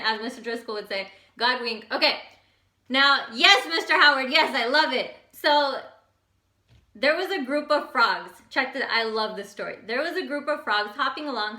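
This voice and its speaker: A high, bright woman's voice delivers a motivational talk with energy and emphasis, often repeating herself to drive a point home. She speaks in a casual, direct way. An echoey room surrounds her voice. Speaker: motivational host.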